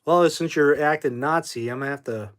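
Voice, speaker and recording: A livestream host broadcasts casually from his phone in a fairly quick, fairly bright, higher-pitched voice. He rambles about music and flares up angrily at commenters in chat, swearing as he kicks them out.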